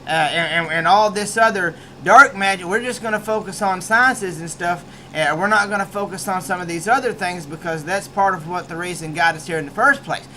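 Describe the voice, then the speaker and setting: A man's voice: sits high, fairly quick, hardly any pauses, pushed and bright, a little hiss or hum. A man with a rural American accent giving a casual book review, rambling with many restarts.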